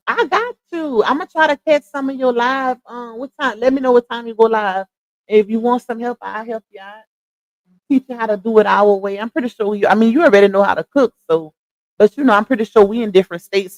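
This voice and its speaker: A woman's voice: medium pitch, no echo. Chatty Louisiana woman streaming live. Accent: Louisiana Southern. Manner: chatty, laughs often, talks to chat. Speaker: livestream host. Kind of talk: casual livestream chat.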